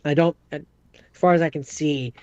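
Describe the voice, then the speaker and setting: A man co-hosting a podcast, reading out film facts haltingly with many fillers. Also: on the high side, fairly even intonation, a little mellow, clean tone, no room sound, highs cut off. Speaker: podcast co-host. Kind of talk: casual movie chat.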